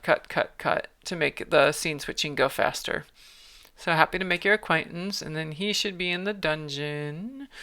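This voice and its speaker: A woman author chats and thinks aloud on a livestream as she revises her story. Her voice is fairly low, smooth and crisp, and bright. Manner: chatty, thinks aloud, self-amused. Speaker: author and streamer. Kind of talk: livestream writing commentary.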